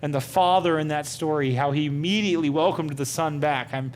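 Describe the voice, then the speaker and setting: A man's voice: a little high, a little fast, slight background noise. A man leading an interactive Bible study lesson, talking conversationally and asking his group many questions.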